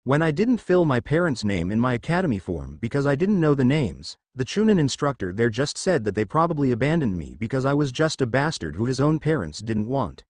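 A cold, bitter teenage boy ninja, as a man reads him in a fanfiction story, flat and quietly seething. The voice still moves around a lot in pitch. The sound is dry and close. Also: brisk, few pauses, no room sound. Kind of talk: fanfiction read-aloud.

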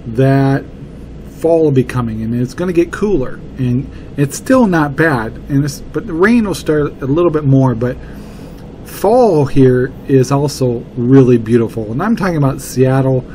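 Middle-aged male podcast host, mellow tone, chatty and repetitive, cheap motel-room mic with a faint noise bed. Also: mid-range voice, lively intonation, normal speed. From Washington State, USA. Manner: rambling, conversational, repeats words for emphasis. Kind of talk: casual solo podcast talk. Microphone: cheap mic that picks up room noise.

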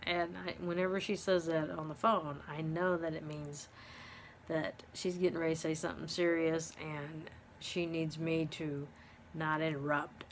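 A middle-aged woman telling a personal story, pausing often with ums and restarts. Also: low voice, flat delivery, slight background noise. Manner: halting, many ums and restarts. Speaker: vlogger living with dementia.

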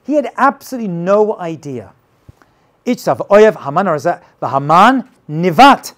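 Male rabbi, lively casual storyteller with expressive, swinging pitch. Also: measured pace. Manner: dramatic, casual, retells scenes with acted quotes. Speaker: rabbi teaching. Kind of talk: animated storytelling lesson.

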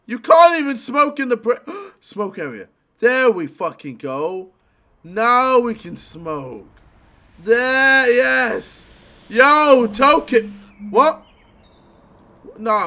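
A young man, commentating on a video game he is playing, swinging from muttered asides to crude, angry yelling. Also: high voice. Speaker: gaming YouTuber. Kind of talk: loud gameplay commentary.

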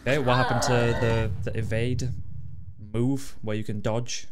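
A man commentating his own video game playthrough, easily frustrated, swearing often and breaking into excited outbursts. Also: mid-range voice, unhurried, over loud music. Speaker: gaming channel host. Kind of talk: let's play commentary.

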